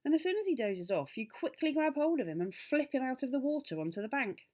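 Excitable little old country doctor, mischievous, pitches up high and gets loud, read by a woman. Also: fast. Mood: genial, conspiratorial. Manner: animated, rising to loud indignant bursts.

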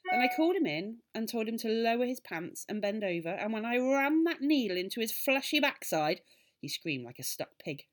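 A woman reading aloud, voicing an excitable, mischievous little old village doctor who rises to loud indignant bursts. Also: on the high side, moderate pace, voice pushed up. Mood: gleeful storytelling.

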